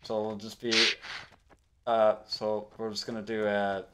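A man directing friends' voice lines in a casual voice chat, halting with many fillers. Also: fairly low pitch, monotone, slight background noise. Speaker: director of a fan video, giving voice lines to friends.

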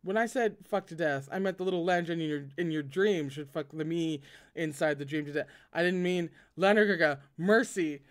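A man's voice: a little high, normal speed, natural voice. A man voicing a playful young male lover who protests in a flustered, teasing way.

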